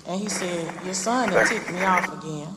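A woman slowly and earnestly telling a personal story as a mother. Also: on the low side. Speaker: mother remembering her son. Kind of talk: emotional personal testimony. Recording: echoey room with loud noise.

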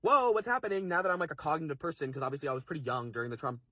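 Young male vlogger, husky and dry, rapid heated rant. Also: mid-range voice, sharp tone, no room sound. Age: young adult. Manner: fast, heated, swearing, lots of fillers. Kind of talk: impassioned casual rant to camera.

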